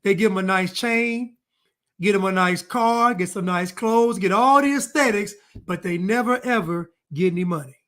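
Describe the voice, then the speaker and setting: A man's voice: sits high, normal speed, fairly bright tone. A man delivering an opinion commentary monologue, emphatic and repetitive as he hammers his points home. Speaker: online commentator.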